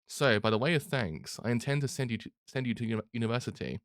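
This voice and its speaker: A man's voice: mid-range voice, quick pace, no room sound, clean studio sound, natural voice. A man reading aloud a kindly middle-aged male baker, in a plain read-aloud delivery. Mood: warm, earnest.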